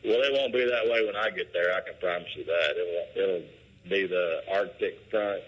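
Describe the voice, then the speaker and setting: A man, a professional angler, answering interview questions in a relaxed, rambling, plainspoken way from his workshop. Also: low voice, normal speed, slightly rough, poor audio. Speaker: guest, pro bass angler.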